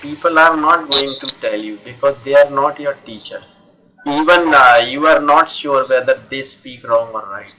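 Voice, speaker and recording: A man's voice: medium pitch, normal speed, bright, forceful tone, low-quality recording. A man teaching English in an online conversation class, speaking encouragingly and repeating phrases over a video call.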